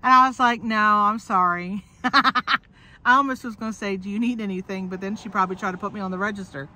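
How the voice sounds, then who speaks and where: She talks fast and forcefully, her mid-range voice steady and bright, with slight background noise behind her. Vlogging on her phone from her car, she's coughing from illness yet keeps joking, cursing, and laughing to the camera.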